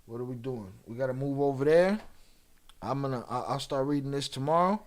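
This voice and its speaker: A livestream host with a mid-range, slightly mellow voice talks briskly with his viewers. He keeps the chat casual, teasing them with loose, profane banter.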